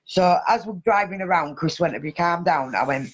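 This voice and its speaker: A woman hosting a casual chat, telling a story in an animated way and swearing heavily. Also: fairly low pitch, brisk, muffled recording. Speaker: podcast host.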